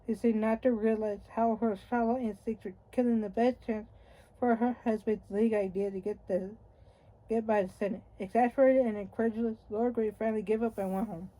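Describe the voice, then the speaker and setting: A woman reads a history book aloud in a wry, conversational way and sometimes trips over a word and starts again. Her voice is mellow and warm, and it sits a little on the high side. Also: fairly even intonation, fairly quick, rough recording. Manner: wry, conversational reading with occasional slips and restarts. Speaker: audiobook reader. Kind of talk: reading a nonfiction book aloud.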